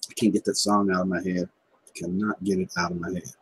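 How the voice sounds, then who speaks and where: A man's voice: low voice, flat delivery, brisk, slight background noise, rough recording. A man from Kentucky, hosting a casual livestream chat and telling folksy stories. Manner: folksy storyteller, chuckling often. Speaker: livestream host.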